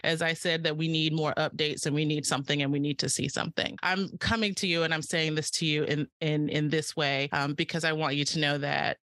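A woman's voice: low-pitched, sharp tone, no room sound. A woman co-hosting a podcast, speaking earnestly and directly to her guest in casual chat. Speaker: podcast co-host.

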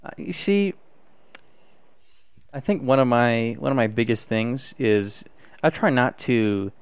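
A young man, a student, chatting casually in a halting, hesitant way, with many restarts and fillers. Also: medium pitch, smooth, no room sound. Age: young adult. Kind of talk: casual chat.

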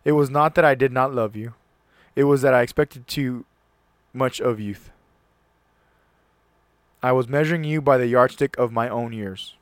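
A man's voice: mid-range voice, moderate pace, no echo. A man hosting a solo talk show, chatting casually and reading a passage aloud earnestly, sometimes stumbling and restarting words.

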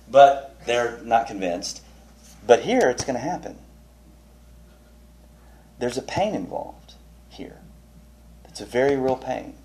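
A man teaching a small Bible study group, chatty and animated, asking questions and telling funny stories. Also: medium pitch. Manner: tells funny anecdotes with restarts. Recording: roomy, distant mic, faint noise.

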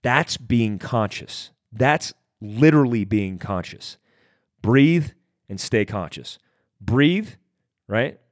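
A man's voice: mid-range voice, expressive, takes it slowly, no room sound, studio quality. A man hosting a podcast, talking directly and conversationally about handling stress, repeating phrases for emphasis. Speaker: podcast host. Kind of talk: motivational talk.

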